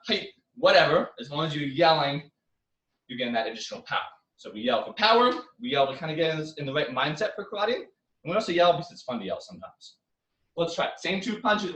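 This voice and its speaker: Young male karate instructor, highish voice, coaching drills in an echoey living room off-mic. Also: recorded from a distance. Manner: coaching, counting drills with loud yells. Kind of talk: online exercise class.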